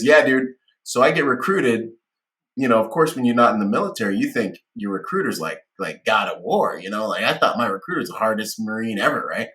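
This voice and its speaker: A man's voice: mid-range voice, sharp tone. A man who is a guest on a podcast, telling stories casually and animatedly with slang and laughter. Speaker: podcast guest, security professional. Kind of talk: casual storytelling.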